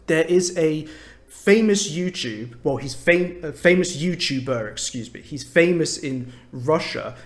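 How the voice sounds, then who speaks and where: A young English man with an English accent, teaching learners in a measured, clear talk to camera. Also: medium pitch. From England. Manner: measured, clear, explains words plainly.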